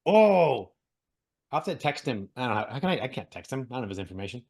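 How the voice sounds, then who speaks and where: A man co-hosting a casual podcast, animated and joking, laughing often and rambling through news. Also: medium pitch, fast talker, gravelly, breathy edge. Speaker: podcast co-host. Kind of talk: casual chat.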